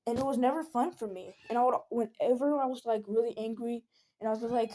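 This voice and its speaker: A woman's voice: a little high, fast talker, warm tone. A teenage girl venting in a casual monologue, earnest and rambling, often pleading. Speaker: vlogger.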